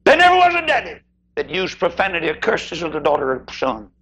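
A man preaching a sermon in an emphatic way, swooping between high cries and low murmurs. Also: wildly swooping pitch, fairly quick, bright, forceful tone, slightly rough.

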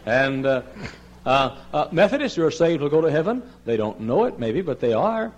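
A man preaching a sermon as pastor of his church, swinging from soft pleading to loud shouted emphasis, telling stories and mimicking the people he quotes. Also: on the high side, very animated, moderate pace, lo-fi sound. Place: church sanctuary.

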